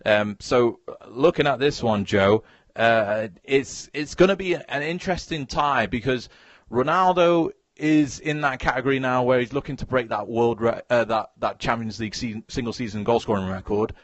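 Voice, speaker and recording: A man's voice: mid-range voice, no echo, highs cut off. A man hosting a casual football chat, stumbling over words and putting questions to his co-host. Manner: halting, restarts words, asks questions. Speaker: podcast host.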